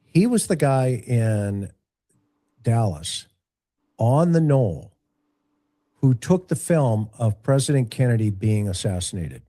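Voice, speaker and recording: Slow, dark-voiced male commentator. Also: medium pitch, expressive. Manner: deliberate, asks rhetorical questions. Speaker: livestream commentator. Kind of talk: opinionated commentary.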